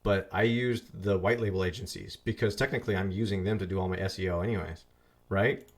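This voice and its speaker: A man's voice: low voice, fairly even intonation, brisk. A man teaching an online marketing course in a chatty, loose way, repeating phrases for emphasis and muttering asides as he fixes his slides. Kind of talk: casual screen-share lesson.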